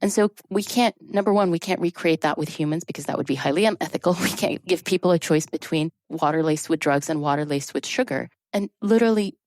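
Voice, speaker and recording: Woman therapist on a podcast, kinda low voice, expressive, dry close sound. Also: dry recording. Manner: expressive, explaining with animated emphasis. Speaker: drama therapist guest. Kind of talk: conversational podcast interview.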